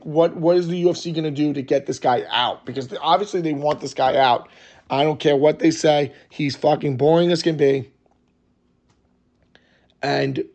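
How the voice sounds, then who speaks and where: A man hosting a sports podcast, telling a story in a heated, excitable way and swearing constantly. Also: fairly high pitch, muffled recording.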